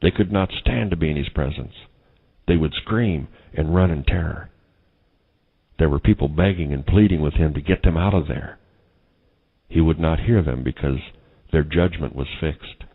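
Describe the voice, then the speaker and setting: A man's voice: extremely low pitch, moderate pace, husky, narrow, tinny audio. A man solemnly recounting a vision as a personal testimony. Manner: solemn, grave retelling of a vision. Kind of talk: testimony narration.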